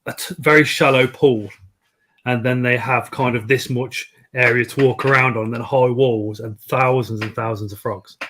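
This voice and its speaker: A man's voice: mid-range voice, fairly even intonation, moderate pace, fairly bright tone. A middle-aged man hosting a casual live stream, chatting and reading out viewer comments. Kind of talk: casual chat.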